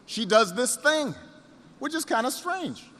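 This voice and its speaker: A man giving a campaign rally speech, telling a story with repeated phrases and pauses that builds to rousing shouts, recorded in a reverberant hall. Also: very high voice, sing-song. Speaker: political candidate.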